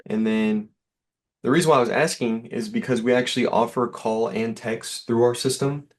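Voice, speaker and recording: A man's voice: mid-range voice, fairly even intonation, normal speed. A man giving an easygoing, reassuring sales demo over a call, with lots of fillers. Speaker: software sales rep.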